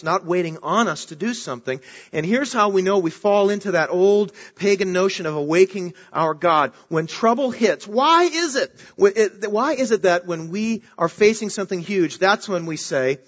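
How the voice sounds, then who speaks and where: A man's voice: high voice, fairly bright tone, slightly rough. A male pastor preaching a sermon in a conversational way, rising for emphasis on key phrases. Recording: dull lo-fi recording.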